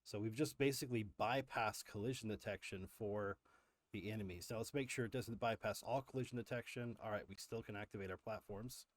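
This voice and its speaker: Male streamer, lowish voice, casual explainer with ums and restarts, dry close mic. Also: a little fast, dry recording. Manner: explanatory, frequent fillers and restarts. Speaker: livestream host. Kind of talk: live coding walkthrough.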